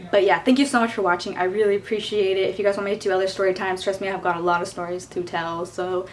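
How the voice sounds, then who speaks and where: A young woman tells a storytime to her camera in a loose, exasperated chat, leaning on "like" and "you know." Her pitch sits in the middle for a woman. A faint hum of noise runs under the recording. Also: little pitch movement, fast talker. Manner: casual, exasperated, heavy use of "like". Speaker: vlogger. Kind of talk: storytime vlog.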